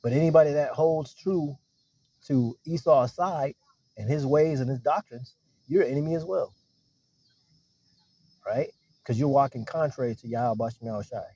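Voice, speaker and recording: A man preaching in a casual, conversational way. He keeps checking in with his listeners and slows down to read scripture aloud. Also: medium pitch, mellow, breathy edge. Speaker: street preacher teaching scripture. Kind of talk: casual sermon with scripture reading. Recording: dull lo-fi recording.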